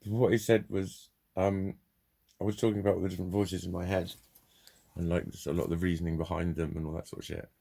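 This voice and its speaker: Low-voiced man ranting freely. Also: flat delivery, fast, gravelly, dark tone. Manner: rambling, heavy swearing, blunt. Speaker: vlogger. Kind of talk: casual vlog monologue.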